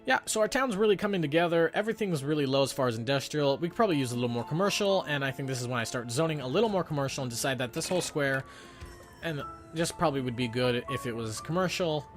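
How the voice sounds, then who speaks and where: A young man chatting his way through a gameplay recording in a loose, rambling style. He keeps acting out his own thoughts as quotes and drifts from point to point. Game music plays clearly behind his voice. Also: on the high side, expressive, fast. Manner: rambling, self-narrating with quoted inner thoughts. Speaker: gameplay commentator. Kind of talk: casual gameplay commentary.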